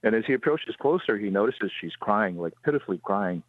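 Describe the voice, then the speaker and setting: Brief: storyteller, lower voice, steady pace, tinny dry phone line. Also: male voice, fairly quick, no echo. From Hawaii. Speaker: ghost tour guide, guest. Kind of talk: ghost story telling on radio.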